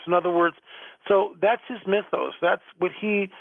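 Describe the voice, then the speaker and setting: A man's voice: sits high, steady tone, normal speed, vocal fry, dry recording. A male guest author in a radio interview, talking emphatically and often repeating words, over a phone line.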